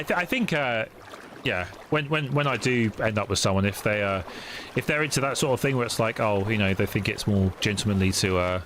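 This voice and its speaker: A young man streaming a game, chatting casually with viewers in a rambling, halting way with many restarts. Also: medium pitch, fairly bright tone. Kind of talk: casual chat while gaming. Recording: noisy stream audio.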